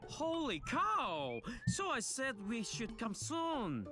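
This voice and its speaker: A slow, high, sing-song game character, struggling English. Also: male voice, wildly swooping pitch, over music, exaggerated voice. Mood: halting. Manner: halting, stilted English. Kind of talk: anime game voice acting.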